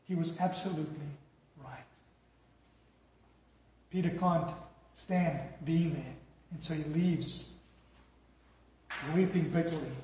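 A man's voice: a little high, slow, long pauses, warm tone, a little hiss or hum. A man preaching a sermon in a storytelling way, with dramatic drops in volume. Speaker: pastor. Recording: echoey hall reverb.

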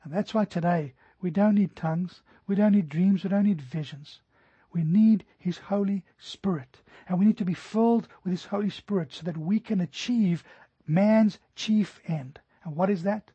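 Man, high voice, pastor preaching earnestly, dull lo-fi dry recording. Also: warm tone, slightly rough, no room sound. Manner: earnest preaching, slowing down to stress scripture. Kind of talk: sermon.

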